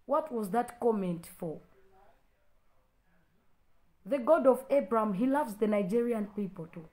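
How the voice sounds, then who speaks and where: A woman preacher with an African accent, scolding a critic in her congregation. Her voice sits a little high, and she fires off one pointed rhetorical question after another. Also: expressive, unhurried, dark tone. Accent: African English. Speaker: pastor. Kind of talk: preaching to a live stream.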